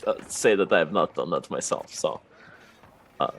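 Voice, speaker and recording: A man playing his character in a tabletop game, halting and full of fillers, laughing often. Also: low-pitched, lively intonation, a bit bright. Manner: hesitant, full of uh's, laughs a lot. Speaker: player.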